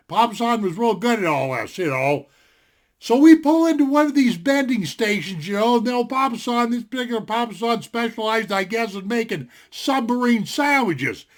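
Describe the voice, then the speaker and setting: Older man, high voice, casual rambling storytelling, lots of fillers. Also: very animated, normal speed. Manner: folksy and rambling, with many fillers. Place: home desktop setup.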